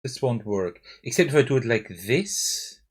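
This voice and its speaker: A man's voice: mid-range voice, sing-song, moderate pace, slightly rough. German-accented man thinking aloud. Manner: thinking aloud, self-questioning with frequent "right?". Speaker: board game streamer. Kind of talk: live card game playthrough. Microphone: desk mic with face cam.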